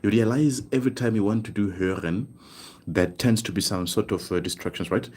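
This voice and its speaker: A man teaching a live online German lesson, explaining slowly and checking in with "right?" as he repeats each word. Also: fairly low pitch, a little mellow. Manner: slow, repetitive explaining with frequent "right?" checks.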